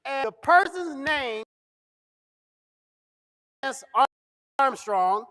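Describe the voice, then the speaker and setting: A man with a strikingly high voice tells a comic story to a live audience. He is middle-aged and animated, jumping into the voices of the people he quotes. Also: extremely slow, slight background noise. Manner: animated, acts out dialogue. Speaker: comedian. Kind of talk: comedic storytelling. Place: event stage.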